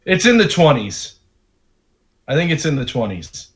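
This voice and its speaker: A young man co-hosting a podcast, telling profane, animated stories in casual chat. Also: fairly high pitch, moderate pace. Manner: profane, laughing, animated storytelling. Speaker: podcast co-host.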